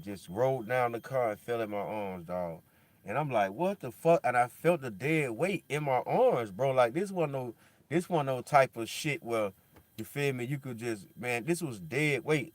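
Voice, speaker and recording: Guy rambling in slang, bro and dog every line, gets loud then goes low and somber, dry close mic. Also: no echo. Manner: swings from loud animated bursts to low somber mutter. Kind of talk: casual monologue.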